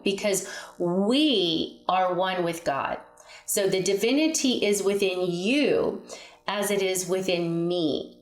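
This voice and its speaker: A woman giving a spiritual guidance talk, speaking earnestly and emphatically and leading listeners through repeated affirmations. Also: medium pitch. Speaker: spiritual teacher. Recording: echoey room.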